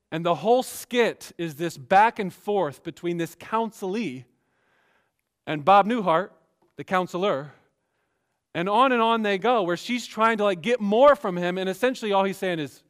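A man preaching a sermon as pastor, emphatic, swinging between quiet asides and raised exhortation. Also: sits high, moderate pace.

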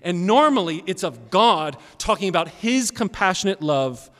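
A man's voice: sits high, big pitch swings, normal speed. Emphatic man preaching in a reverberant hall. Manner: swings from quiet to loud, emphatic preaching. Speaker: pastor. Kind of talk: sermon.

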